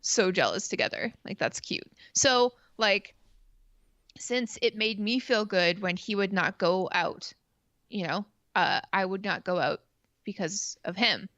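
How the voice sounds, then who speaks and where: A woman's voice: medium pitch, slow, a bit bright, no echo. A woman from Canada telling a long personal story in casual chat, rambling with lots of fillers and swearing freely. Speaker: stream co-host.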